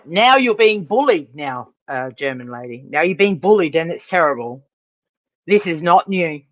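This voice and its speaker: A woman's voice: on the low side, no echo, muffled recording. A woman hosting a livestream, ranting in a heated, profane, emphatic way. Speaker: livestream host. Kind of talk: angry livestream rant.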